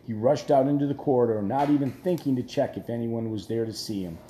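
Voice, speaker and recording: A man narrating an audiobook in a measured storytelling voice that drops quiet at tense moments. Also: mid-range voice, echoey room, slight background noise. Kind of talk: scripted narration.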